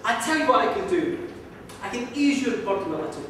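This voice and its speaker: A man acts out a stern, bitter old saint who talks slow and hushed. His voice sits high for a man, and it rings in a big echoing hall, caught from well back. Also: sing-song, a little hiss or hum, heavily acted. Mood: cunning. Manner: slow, low and quiet. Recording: echoey hall from far off.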